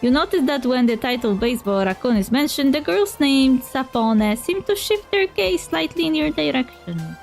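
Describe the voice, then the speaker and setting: A woman's voice: high-pitched, very animated, normal speed, vocal fry, hardly any pauses. A woman streamer reading a game's story and dialogue aloud, switching between narration and her own comments. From Poland. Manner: voices characters and comments on the story. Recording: faint music behind.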